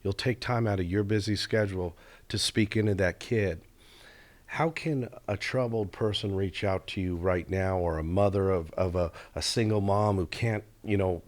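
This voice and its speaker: Deep-voiced male interviewer. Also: moderate pace. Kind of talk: conversational interview questions.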